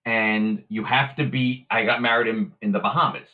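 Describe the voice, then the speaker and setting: A man telling a story as a guest in casual conversation, animated and acting out the voices of the people he quotes. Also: lowish voice, moderate pace, narrow, tinny audio.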